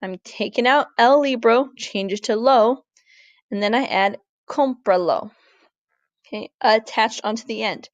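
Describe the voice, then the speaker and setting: A woman Spanish teacher, walking through a recorded grammar lesson, clear and deliberate, slowing down to model words. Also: a little high, dry recording, lo-fi sound. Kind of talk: recorded classroom lesson over slides.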